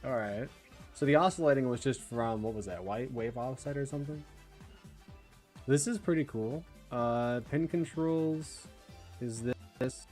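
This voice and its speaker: A man's voice: mid-range voice, measured pace, faint music behind. Young man streaming, laid-back and chatty. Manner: relaxed, chatty, laughs often, thinks aloud. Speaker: livestream host. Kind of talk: casual livestream chat.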